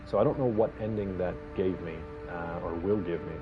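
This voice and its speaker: A man's voice: sits low, a little fast, phone-quality sound, music in the background. A man in his forties casually commenting on his gameplay during a live stream, rambling and joking with viewers. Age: 40s.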